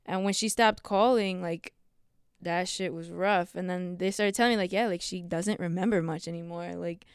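A woman in casual chat, telling a family story in a lively way and acting out the people she quotes. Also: lowish voice, normal speed, clean tone, no room sound, studio quality. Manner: animated storyteller, acts out quoted voices.

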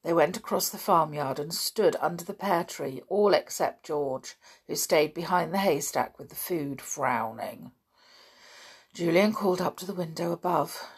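A woman narrating a children's storybook in a measured, expressive way. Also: deep voice, husky. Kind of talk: storybook reading.

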